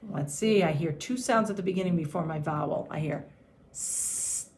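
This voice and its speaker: A woman teacher giving a patient phonics and handwriting lesson to young children, sounding out each letter slowly. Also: deep voice, a little mellow, a little hiss or hum.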